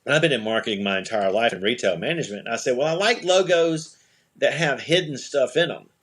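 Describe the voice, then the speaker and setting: A man's voice: medium pitch, lively intonation, fast, fairly bright tone. A middle-aged man, a podcast guest, telling a rambling story in a casual interview, restarting sentences and acting out quoted dialogue. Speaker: podcast guest, eyewear company owner.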